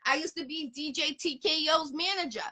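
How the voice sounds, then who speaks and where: A woman hosts a relaxed interview, her voice high and bright. She talks emphatically, circling back to the same points again and again. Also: brisk. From Boston area. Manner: emphatic, repeats herself, promotional. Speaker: host. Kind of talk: casual interview chat.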